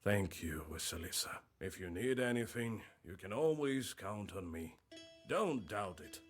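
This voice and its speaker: A loyal, shaken village man from a game, talking earnestly and with weariness. His voice sits low and he speaks slowly. Game music runs clearly behind. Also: lively intonation. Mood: weary. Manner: earnest, weary. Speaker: game character. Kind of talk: video game voice acting.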